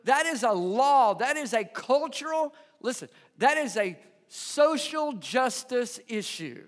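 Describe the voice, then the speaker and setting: Pastor, male, high animated voice, unhurried delivery, long church-hall reverb. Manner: animated, conversational preaching that asks the congregation questions. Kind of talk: sermon. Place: church sanctuary.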